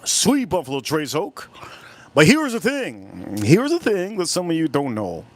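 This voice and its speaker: Man, Miami accent, somewhat high voice, loose rambling live-stream host. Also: huge pitch swings. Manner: rambling, drawn-out words. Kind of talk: casual live-stream chat. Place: cold room at home.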